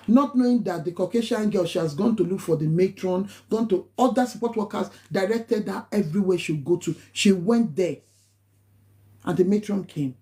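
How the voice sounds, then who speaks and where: A woman's voice: medium pitch, moderate pace, warm tone. A Nigerian-accented woman, a nurse, giving casual live-stream advice in an emphatic, preachy way, repeating phrases for stress and slipping into pidgin. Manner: slips into pidgin and Yoruba phrases.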